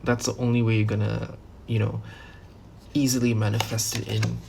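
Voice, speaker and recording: Gravelly, casual man reading tarot cards. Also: lowish voice, flat delivery, normal speed, background noise. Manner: loose, rambling, lots of fillers and restarts, casual swearing. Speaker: tarot reader.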